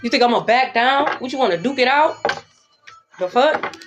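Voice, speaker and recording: Brash, profane high-voiced woman tarot reader. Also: expressive, normal speed, over music. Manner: brash, profane, sings along and shifts pitch playfully. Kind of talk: casual tarot reading monologue.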